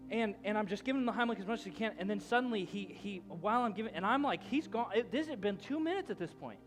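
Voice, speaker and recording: A pastor in his thirties preaches a sermon, telling a story loosely and conversationally with many restarts, building to loud shouting at the climax. His voice is high-pitched and expressive, he talks fast, and music plays underneath.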